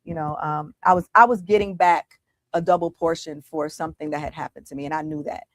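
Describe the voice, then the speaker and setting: A middle-aged woman speaks as a guest in an interview, recounting her journey with vivid, dramatic retellings and frequent false starts. Her voice sits somewhat low for a woman and sounds close and dry, with no room around it. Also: brisk, no echo. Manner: animated, dramatic retelling with many restarts. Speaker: guest entrepreneur. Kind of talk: candid interview storytelling.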